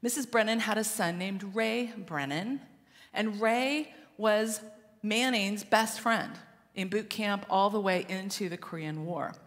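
A woman pastor preaching a sermon as a story, swinging between loud passages and hushed ones, recorded in a church sanctuary. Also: mid-range voice, in a large hall.

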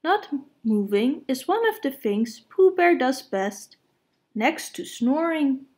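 A mournful old donkey from a storybook, as a woman reads him aloud. He drags his words slowly and dryly, though the voice stays fairly high. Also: big pitch swings, a little mellow, exaggerated voice. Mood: glum. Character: gloomy old male donkey, slow and glum.

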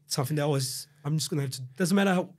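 A man's voice: fairly high pitch, racing, a little mellow. A man from Brazil who grew up in Australia, with an Australian accent, telling his story as a podcast guest in a loose, rambling way with lots of swearing and fillers. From Brazil, raised in Australia. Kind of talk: casual storytelling interview.

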